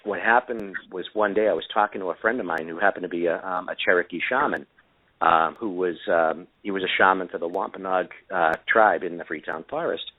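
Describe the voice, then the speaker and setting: Low-voiced man on a tinny phone line. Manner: rambling, many fillers and restarts. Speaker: guest inventor of camera glasses. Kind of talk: casual storytelling on a call-in show.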